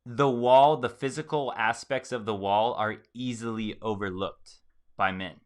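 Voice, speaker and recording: A man's voice: medium pitch, fairly even intonation, unhurried, smooth. A man hosting a live stream, commenting on a video and acting out the quoted reactions of others with emphasis. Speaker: host.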